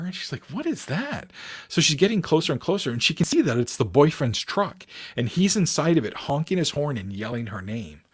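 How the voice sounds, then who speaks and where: A man, a paranormal researcher guest, telling a story in casual chat and acting out the people in it. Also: medium pitch. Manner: animated storyteller acting out quoted voices.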